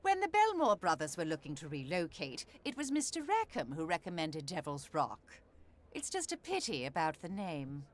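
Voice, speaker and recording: A woman's voice: low-pitched, wildly swooping pitch, normal speed. An actress voicing a prim, proud female housekeeper in a video game, speaking formally and precisely. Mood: haughty. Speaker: game character.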